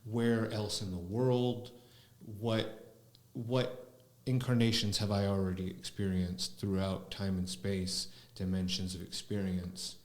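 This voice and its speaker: A man, a spiritual teacher, talking slowly and reflectively as a podcast guest, often pausing with fillers. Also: fairly low pitch, flat delivery, a little mellow. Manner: slow, musing, with frequent fillers. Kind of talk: reflective conversational talk. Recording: roomy echo.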